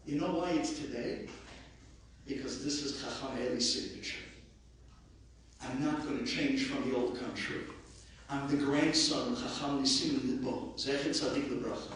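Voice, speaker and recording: A man, a rabbi, giving an impassioned eulogy that swings between shouting and hushed speech. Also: mid-range voice, unhurried, pauses often. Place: large hall at a memorial gathering. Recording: very echoey hall, voice far from the mic.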